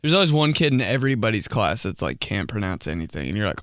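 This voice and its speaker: A man's voice: lowish voice, sing-song, quick pace, fairly bright tone, clear, resonant tone, no echo, studio quality. A man hosting a comedy show, reading out listener stories in a casual, joking way. He laughs often and slips into mocking voices.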